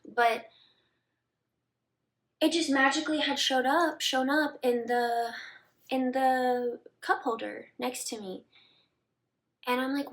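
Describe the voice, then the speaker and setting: A young woman speaking straight to her audience in a relaxed storytime vlog, her voice sitting a little on the high side. She talks loosely and conversationally, scattering "like" through her sentences and sometimes dropping to a soft murmur. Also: slow, pauses often. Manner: chatty, many "like" fillers, drops into soft murmurs. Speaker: vlogger. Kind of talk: casual storytime to camera.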